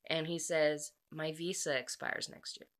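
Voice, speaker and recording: A young woman casually retelling a book's plot in a chatty, animated way, full of filler "likes". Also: low voice, a little slow. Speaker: book vlogger.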